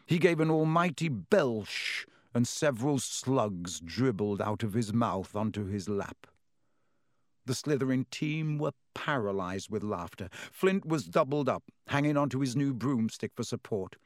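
A man narrating an audiobook with expressive, clear storytelling into a close mic. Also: mid-range voice, measured pace, no room sound.

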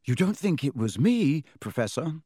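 A man voicing a nervous, hopeful schoolboy in an audiobook, speaking quietly and hesitantly. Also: a little high, sing-song, moderate pace, breathy edge, dry recording, studio quality, voice pushed up. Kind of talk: audiobook character voice.

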